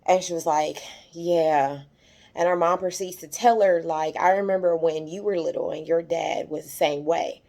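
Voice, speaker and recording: A woman's voice: sits low, steady tone, moderate pace, creaky, darkish tone. A young adult woman casually recapping a TV episode, retelling scenes with lots of fillers. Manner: chatty, retells scenes quoting characters, many fillers; gets emotional, voice rises when moved. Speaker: YouTube TV recap host.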